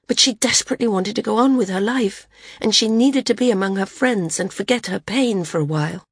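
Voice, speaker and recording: A woman's voice: mid-range voice, brisk, breathy edge, dry recording, clean studio sound. A woman voicing an impatient young woman flyer who speaks heatedly and accusingly.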